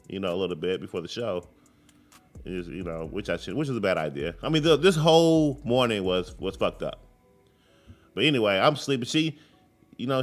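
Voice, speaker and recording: A man's voice: mid-range voice, fairly bright tone. A man in his thirties co-hosting a casual talk show, telling profane stories and mimicking voices. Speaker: co-host.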